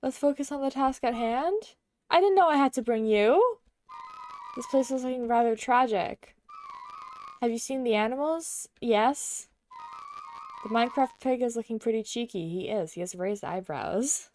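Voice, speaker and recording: A prim, fussy adventurer with a put-on British accent, as a woman does a silly voice. The voice sits noticeably higher and louder than her everyday one, with theatrical, over-the-top posh delivery. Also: normal speed, faint music behind, natural voice. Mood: excited.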